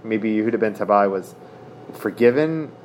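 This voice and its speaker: A man in a casual Talmud study session, talking haltingly with many restarts as he reads passages aloud and paraphrases them. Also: on the low side, expressive, a little mellow, slight background noise.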